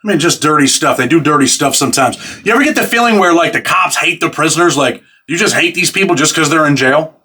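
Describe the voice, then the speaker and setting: A man hosting a casual interview, a former prisoner with a loose, street-casual way of talking. His voice sits fairly high and sounds bright. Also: expressive, fast, hardly any pauses, slightly rough.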